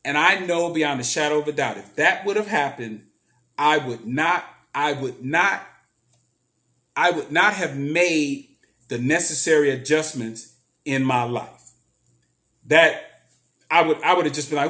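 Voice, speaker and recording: A man's voice: on the high side, lively intonation, a little slow, bright, forceful tone. Earnest man telling his story. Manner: earnest, emphatic storytelling with repetitions. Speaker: motivational speaker. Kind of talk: personal story monologue.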